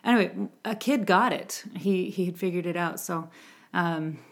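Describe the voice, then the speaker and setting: A woman's voice: fairly low pitch, moderate pace. A woman who sings for a music ministry, talking casually to viewers before a song, chatty and meandering with frequent asides. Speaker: music ministry singer and host.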